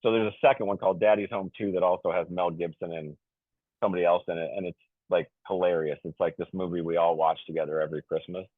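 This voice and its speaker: As a podcast guest, a deep-voiced man in his fifties rambles through a casual story fast, with fairly even intonation, stumbling over restarts and fillers. He's jokey and calls himself goofy. The audio is tinny, phone-like, and completely dry with no room echo.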